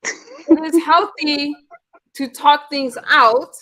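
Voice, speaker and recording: A woman with a high, bright voice hosts a loose live-stream chat. She is playful and talks straight to her viewers, working to smooth things over between callers. The tone stays easy and chatty. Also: fairly even intonation, extremely slow. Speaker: host.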